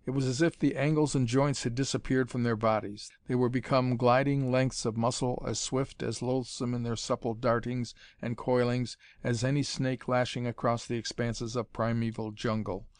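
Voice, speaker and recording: A man reading an adventure story aloud as narrator, in a measured, dramatic manner. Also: medium pitch, level tone, dry recording, clean studio sound. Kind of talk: audiobook reading of pulp adventure fiction.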